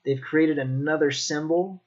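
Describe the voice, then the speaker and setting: A man teaching Mandarin pronunciation in a slow, demonstrative way, repeating each sound. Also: on the high side, darkish tone, lo-fi sound. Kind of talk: pronunciation lesson.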